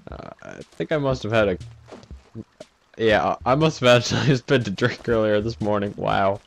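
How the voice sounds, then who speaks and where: A man's voice: lowish voice, lively intonation, fairly quick, creaky, soft background music. A man giving casual, self-mocking commentary over a video game, laughing often at his own mishaps. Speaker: let's play commentator.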